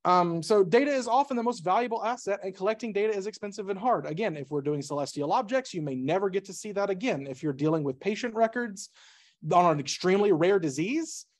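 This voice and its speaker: Male presenter, brisk and slightly high, casual and jokey, keeps restarting sentences. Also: lively intonation. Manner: rapid, self-interrupting, jokey asides. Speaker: conference speaker. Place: meetup presentation room.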